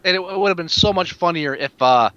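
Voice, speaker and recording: Casual podcast co-host, man, slightly higher pitch, wry and animated delivery, dull lo-fi sound. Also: fast, smooth, no room sound. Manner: wry, animated, breaks into joking voices. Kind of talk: casual movie review chat.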